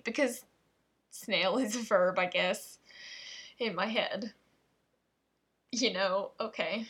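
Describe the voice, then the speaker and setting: Reading tongue twisters slowly with long pauses, this woman has a rather high, slightly bright, husky voice. Her remarks are playful and exasperated, and she keeps interrupting herself mid-sentence.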